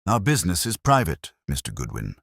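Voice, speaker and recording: A man's voice: deep voice, wildly swooping pitch, a little fast, vocal fry, a bit bright, breathy edge, dry recording, clean studio sound, full character voice. A man voicing a tense male company vice president with accented, stiffly formal English. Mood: cold.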